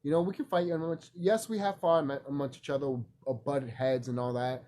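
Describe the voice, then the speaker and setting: A man vlogging in a rambling, profane casual monologue, animated and laughing often. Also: medium pitch, a little fast.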